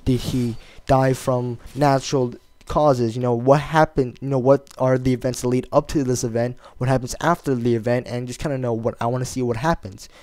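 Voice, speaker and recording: Rambling young man, mid-pitched voice. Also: fairly even intonation, fairly quick, few pauses, darkish tone, no echo. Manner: rambling, hesitant, many fillers and restarts. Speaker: video blogger. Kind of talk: casual rambling monologue.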